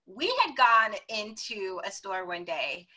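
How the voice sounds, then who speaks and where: A woman guest telling stories in a casual interview, animated and acting out the voices she quotes. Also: mid-range voice, slow, rough recording.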